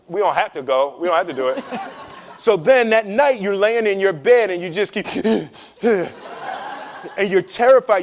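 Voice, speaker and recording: A middle-aged man telling a story to an audience in a casual, animated way, acting out voices and laughing as he goes. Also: high-pitched. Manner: casual, many fillers and repeats.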